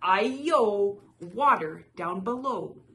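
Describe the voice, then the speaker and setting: A woman voicing a cheeky, excitable runaway rice cake that calls out in shrill, taunting cries. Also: takes it slowly, full character voice.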